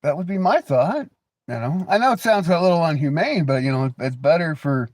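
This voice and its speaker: A man's voice: on the high side, animated, fairly quick, a little mellow, no echo. A man hosting a casual livestream, rambling, joking, laughing often and teasing viewers with crude banter. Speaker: livestream host.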